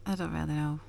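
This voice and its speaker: A woman's voice: medium pitch, creaky, a little hiss or hum. A woman talking candidly and chattily to camera in a casual vlog from inside her van. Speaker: vlogger.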